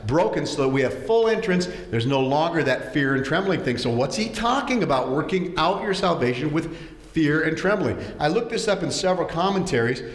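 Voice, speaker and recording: A man's voice: on the high side, animated, fairly quick. A man preaching a sermon, telling stories with animation and acting out voices, often repeating words as he goes. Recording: echoey hall.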